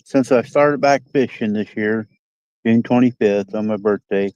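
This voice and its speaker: A man's voice: medium pitch, normal speed, darkish tone, no echo. A rambling, folksy man with a Midwestern American accent talks to his live-stream viewers from a lakeside dock. The sound is dull and lo-fi, with a dry, close feel and no room around it. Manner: rambling, folksy, chats to viewers and reads comments. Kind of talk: casual live-stream chat while fishing. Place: outdoors by a lake dock. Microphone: phone.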